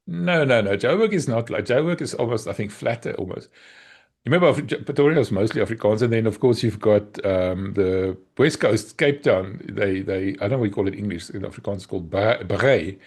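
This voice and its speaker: South African man, low husky voice, chatty teasing podcast co-host. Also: a little fast, a little mellow. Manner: teasing, chatty, laughs often. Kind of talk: casual chat.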